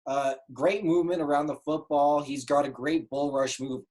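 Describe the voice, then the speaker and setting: Chatty young man, slightly high voice. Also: steady tone, darkish tone. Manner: chatty, jokey, quick interjections. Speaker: podcast co-host, mock draft participant. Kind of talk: casual sports talk.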